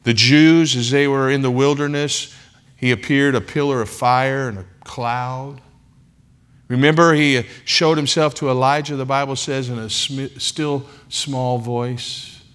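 A male pastor preaching a sermon in a church. He is emphatic, with dramatic pauses and heavy repetition. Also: medium pitch, steady tone, fairly bright tone, clear, resonant tone. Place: church sanctuary.

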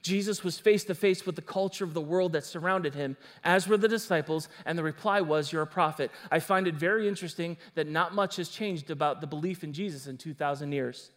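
A pastor delivers a sermon in a high-pitched male voice. He preaches with emphasis and breaks off into casual, conversational asides to the congregation. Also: brisk, few pauses, a bit bright.

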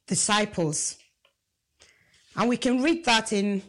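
A woman's voice: medium pitch, animated, slow, long pauses, a bit bright. A woman preaching a sermon, emphatic and asking the congregation rhetorical questions.

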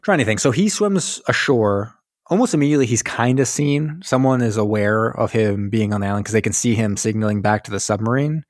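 Fairly low in pitch and fairly quick, this co-host is recorded with clean studio sound and no room noise. He chats casually on a podcast about a war film, performing the characters' lines with lively storytelling, plus plenty of swearing and laughter.

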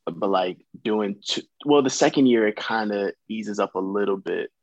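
A young American man, an actor, chatting as a guest in a relaxed, rambling way with many fillers. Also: fairly low pitch, moderate pace, dry recording. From United States. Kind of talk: casual interview chat.

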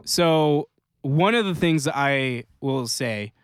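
A man talking casually as a podcast co-host, his voice set at an everyday middle pitch. He wanders through his thoughts and breaks off to restart them. The sound is dry and close, with no room behind it. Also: lively intonation, clean tone, no room sound. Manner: rambling, halting restarts and fillers. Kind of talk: casual chat.

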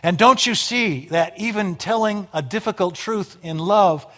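A man delivering a sermon in a slightly higher-than-average voice. He swings between loud emphatic lines and hushed, low passages, with dry wit along the way. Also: a little slow. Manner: emphatic, dramatic rises and drops in volume; wry humor. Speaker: preacher.

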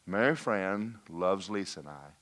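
A man preaching a lively sermon, folksy and animated, slipping into mock voices and asides to the congregation. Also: low voice, measured pace. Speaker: pastor.

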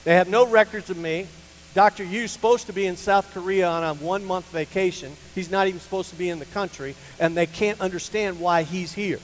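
An older man, a pastor, telling a personal story in a sermon to a church, animated and rising to loud, emphatic peaks. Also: high-pitched, fairly quick. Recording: hall reverb with faint hum.

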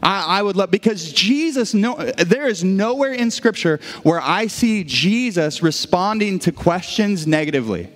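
Conversational pastor preaching in a reverberant sanctuary. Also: male voice, sits high, big pitch swings, a little slow, hardly any pauses. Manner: conversational, frequent restarts, asides to the congregation. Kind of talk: sermon. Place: church sanctuary. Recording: long church reverb.

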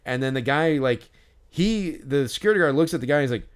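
A man's voice: medium pitch, lively intonation, quick pace, clean tone. A man co-hosting a podcast who tells a story in casual chat, rambling with many fillers and swearing freely. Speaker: podcast co-host.

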